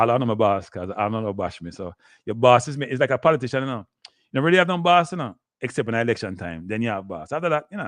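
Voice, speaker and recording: With a mid-range voice and no echo, an older Jamaican-accented man rambles through a live sports talk stream. He slides into patois now and then and talks straight to viewers, often saying "people."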